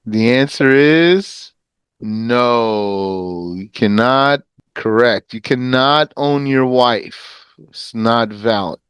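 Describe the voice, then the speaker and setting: A man teaching a lesson on a legal text, reading passages briskly, translating them slowly and quizzing his students in a conversational manner. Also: medium pitch, clear, resonant tone, no room sound. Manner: lively, explanatory, conversational. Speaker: teacher of Islamic law.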